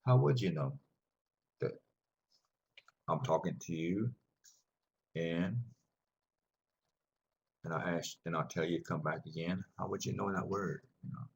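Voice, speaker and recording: A man's voice: sits low, unhurried, vocal fry, long pauses, darkish tone, slight background noise. A man teaching a language class, patiently explaining and repeating words for his students in a rambling way.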